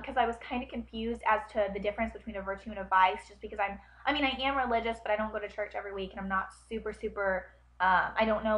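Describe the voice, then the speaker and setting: A young woman chats through a list of questions, wandering off into tangents with plenty of ums and likes. She puts a slight twang on her words, and her voice sits a little high. The sound is dull and lo-fi, like an older webcam. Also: a bit bright. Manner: chatty, rambling, full of ums and likes. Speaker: vlogger. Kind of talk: casual chat answering tag questions.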